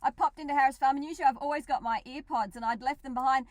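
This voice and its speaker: A woman's voice: sits high, steady tone, racing, dry recording. A middle-aged Australian woman, a regular on a radio show, chatting casually and animatedly, laughing often.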